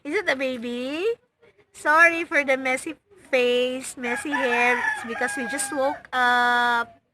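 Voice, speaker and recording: A woman's voice: high-pitched, steady tone, unhurried, background noise. A young Filipino woman, an early childhood educator, patiently teaching a toddler at home, repeating simple prompts. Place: home, just woken up.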